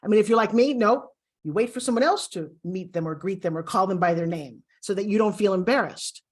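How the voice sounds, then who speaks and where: A woman's voice: medium pitch, fairly quick, darkish tone. A middle-aged woman teaching a video course, speaking in an upbeat coaching style straight to the viewer. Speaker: course instructor.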